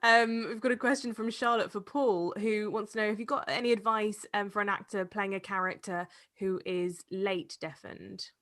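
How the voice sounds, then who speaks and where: Female panel moderator, mid-pitched, friendly question reader. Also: steady tone, normal speed, hardly any pauses. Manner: bright, friendly, reads audience questions.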